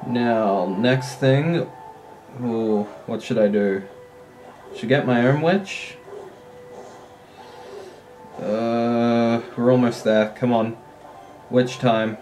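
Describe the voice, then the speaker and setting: An excitable man talks through a mobile game in a loose, unhurried way, swearing when plays go wrong. His voice sits at a middle pitch, and faint music plays behind him. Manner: excitable, swears and laughs at his own play. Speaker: gamer playing a mobile strategy game. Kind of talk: casual gameplay commentary.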